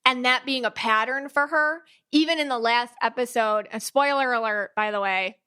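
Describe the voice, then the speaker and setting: A woman hosting a podcast in casual, animated chat, often acting out what others say. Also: fairly high pitch, normal speed, smooth. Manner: chatty and animated, with many restarts and quoted asides. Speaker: podcast host.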